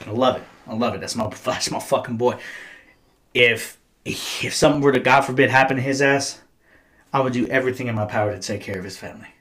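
A man's voice: mid-range voice, a little fast, a bit bright. A man in his thirties, a podcast host, telling stories in casual, profane, slangy chat. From United States.

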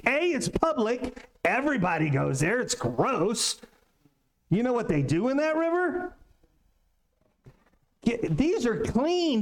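A male pastor acting out a proud, indignant rich commander who huffs offended questions, in slow, high-voiced delivery. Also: exaggerated voice. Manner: huffy, offended rhetorical questions. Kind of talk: sermon paraphrase role-play.

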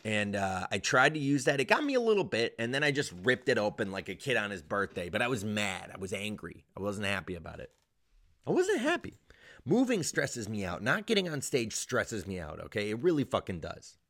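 A young male comedian ranting in a casual vlog, swearing often and jumping to loud, high peaks. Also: big pitch swings, brisk, hardly any pauses. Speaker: stand-up comedian.

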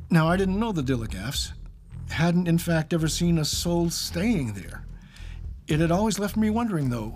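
A man's voice: fairly high pitch, a little mellow. A man who teaches English, telling a personal story in a wry, self-mocking way.

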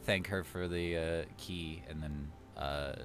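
A man's voice: low-pitched, fairly even intonation, takes it slowly, music in the background. A man playing a tabletop game, who talks hesitantly and laughs often. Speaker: player. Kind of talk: casual play and chat.

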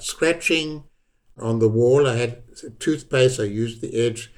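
Slow, reflective older South African man. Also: mid-range voice. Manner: unhurried, repeats words for emphasis. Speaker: interview guest. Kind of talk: reflective personal storytelling.

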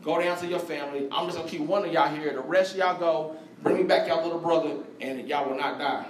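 A preacher doing a gruff, commanding ruler. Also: male voice, fairly high pitch, fast, reverberant, far from the mic, noisy background, pitched below the performer's own voice, close to an everyday voice. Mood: stern. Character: stern powerful male ruler testing his brothers.

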